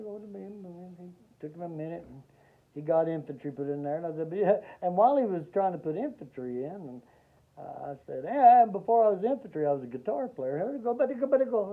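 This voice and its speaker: A man, an Army veteran telling a personal story in a rambling way, acting out the voices he quotes with dry humor. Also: on the high side. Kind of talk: casual spoken storytelling. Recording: tinny phone-like audio.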